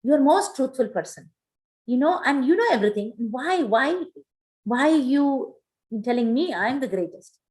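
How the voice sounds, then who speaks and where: A woman's voice: sits high, lively intonation, moderate pace, a little mellow, voice pushed up, rough recording. Woman voicing a humble, earnest male devotee. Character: humble male devotee, tearful, self-effacing.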